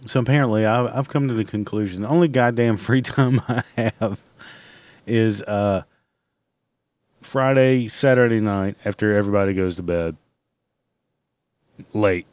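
A man's voice: lowish voice, a little slow, pauses often, darkish tone, no room sound. A man hosting his own podcast from home, ranting in a casual, blunt and rambling way with constant swearing. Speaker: podcast host. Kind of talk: casual solo podcast rant.

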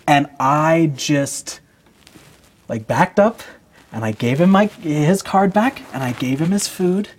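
A man's voice: a little high, lively intonation, slow pace. A man in his twenties, a podcast guest, earnestly telling a personal story.

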